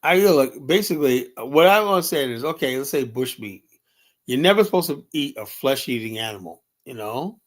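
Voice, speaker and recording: A man hosting a loose, rambling livestream. He swears freely and fills his talk with "you know" and "man." His voice sits at an ordinary middle pitch. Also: animated, brisk. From United States. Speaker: livestream host.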